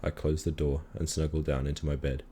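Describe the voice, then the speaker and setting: Deep dark-voiced guy reading a kids story, slow and steady, faint hiss behind. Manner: calm, measured storytelling. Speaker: reader. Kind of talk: reading a children's story aloud.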